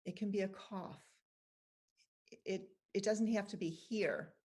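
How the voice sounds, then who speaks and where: A woman's voice: mid-range voice, measured pace, a little mellow. A middle-aged woman guest patiently explaining, step by step, how to handle judgment. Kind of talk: calm guided instruction and anecdotes.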